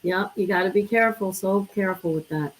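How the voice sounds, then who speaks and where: A woman's voice: medium pitch, fairly quick, poor audio. A woman hosting a casual chat, eagerly reminiscing and explaining with fillers. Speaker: host.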